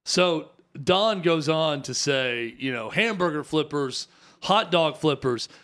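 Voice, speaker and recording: A man's voice: on the high side, animated, slow pace, a bit bright. A man co-hosting a sports radio show, chatty and amused as he sets up a clip. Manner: chatty, amused, explains context. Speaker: radio co-host. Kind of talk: casual sports talk.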